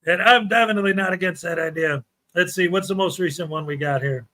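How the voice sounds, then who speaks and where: A man's voice: high-pitched, fast, bright, forceful tone. A man hosting a live stream, chatting casually to his viewers as he wraps up the show. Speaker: livestream host.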